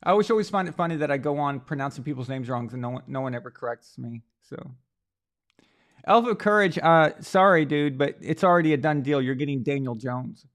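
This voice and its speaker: A man's voice: on the high side, fairly quick, fairly bright tone. A man hosting a live stream, chatting casually and joking with viewers. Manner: joking, rambling, mock French voice at times. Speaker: host. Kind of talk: live-stream chat, reading viewer comments.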